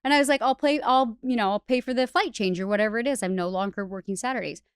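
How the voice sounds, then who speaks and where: A podcast guest who educates hairstylists talks quickly in a smooth, slightly high voice. Her candid, chatty account of her personal story is full of "like" fillers and restarts. The audio is studio quality with no room sound.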